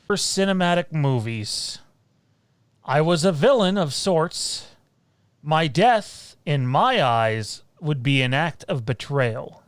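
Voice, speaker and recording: A man hosting a trivia round on a podcast, reading clues slowly and deliberately. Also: on the high side, expressive, clean tone, no room sound. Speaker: quiz host.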